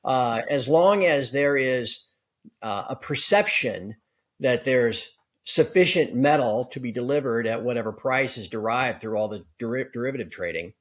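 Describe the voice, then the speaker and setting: A man speaking as a guest analyst in a conversational interview, brisk and explanatory. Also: medium pitch. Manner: brisk, explanatory, with occasional laughs.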